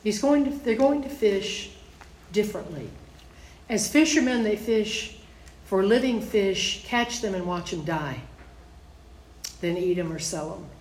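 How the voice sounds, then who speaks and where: A woman's voice: mid-range voice, lively intonation, unhurried, pauses often, darkish tone. A woman teaching a Bible study, reading scripture aloud and then explaining it in plain, conversational asides. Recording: echoey room.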